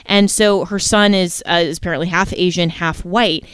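Indignant woman talk-show host, smooth clear voice. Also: fairly low pitch, fairly even intonation, normal speed, fairly bright tone, dry recording, clean studio sound. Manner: indignant, emphatic, pressing questions. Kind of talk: radio talk show commentary.

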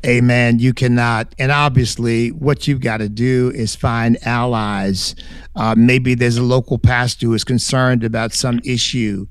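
A man's voice: medium pitch, flat delivery, a little slow, clean tone, no echo. A man answering callers as a guest on a talk radio show, fervent and emphatic, often restarting his sentences. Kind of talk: call-in radio commentary.

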